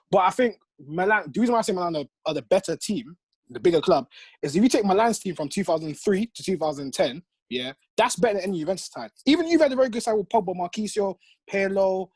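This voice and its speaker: A man's voice: sits high, darkish tone, husky, no room sound. A young man with a London accent hosting a casual football chat, steering the talk and pushing his points. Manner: talks over others, keeps steering the discussion. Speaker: host.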